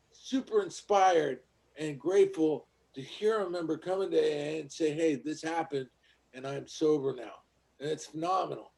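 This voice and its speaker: A man's voice: fairly high pitch, creaky, mellow. A man on a casual podcast, telling blunt, profane stories about meetings and recovery. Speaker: podcast co-host.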